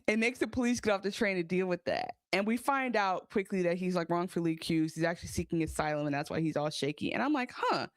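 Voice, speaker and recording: A woman gives a lively, casual recap of a TV episode, acting out her own reactions along the way. Her pitch jumps around a lot. The sound is dry and close. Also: brisk, no room sound. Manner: animated, swearing, acts out her own reactions. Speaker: podcast co-host.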